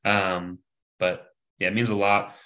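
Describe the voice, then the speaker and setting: A man hosting a casual podcast, relaxed and quick to laugh. His voice sits on the low side but has a bright, forward edge. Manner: laid-back, laughs easily. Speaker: podcast host, coach.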